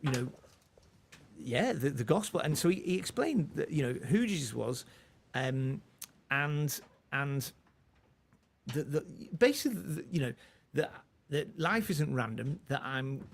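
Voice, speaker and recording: A man's voice: a little high, very animated, unhurried, vocal fry. A man in his forties, a comedian guest, telling a personal story in a rambling way, with many restarts and laughs. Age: 40s. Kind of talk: relaxed storytelling in conversation.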